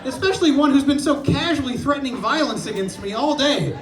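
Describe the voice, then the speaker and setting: High-voiced man doing stand-up. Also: fairly quick, a crowd in the background. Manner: self-deprecating, animated storytelling with shouted impressions. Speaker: stand-up comedian. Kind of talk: stand-up comedy set. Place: comedy club stage with live audience. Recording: echoey club with audience laughter.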